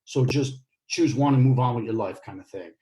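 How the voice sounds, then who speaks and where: A man's voice: medium pitch, brisk, warm tone. A man co-hosting a casual podcast, talking in a playful, teasing way with lots of fillers. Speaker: podcast co-host.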